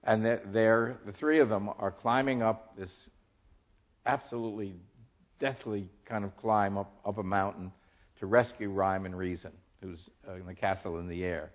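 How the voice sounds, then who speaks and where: An older man with a fairly low voice gives an author talk in a lecture hall. He speaks haltingly, restarting his phrases. The sound is dull and muffled. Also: fairly even intonation.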